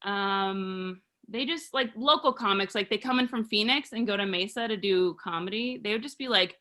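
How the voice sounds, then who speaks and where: A woman's voice: mid-range voice, moderate pace, bright, forceful tone. A woman in her thirties from Arizona doing a rambling, self-deprecating stand-up comedy set. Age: 30s.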